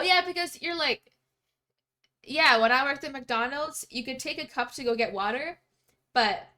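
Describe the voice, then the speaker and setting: A young woman from Canada chats live with her stream viewers as she plays. Her voice sits high and bright, and she giggles often and replies to messages in a bubbly, easygoing way. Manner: bubbly, giggly, chatty, reads chat aloud. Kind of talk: casual live-stream chat.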